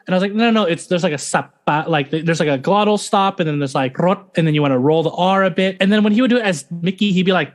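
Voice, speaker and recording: A man in his thirties telling stories as a podcast guest, animated, switching between English and Thai. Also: sits high, rapid-fire, hardly any pauses. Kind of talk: casual interview chat.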